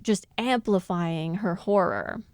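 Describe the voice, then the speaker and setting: A woman's voice: on the low side, animated, slow pace, no room sound. A woman co-hosting a podcast, explaining her ideas in thoughtful casual chat and laughing often as she talks. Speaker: podcast co-host.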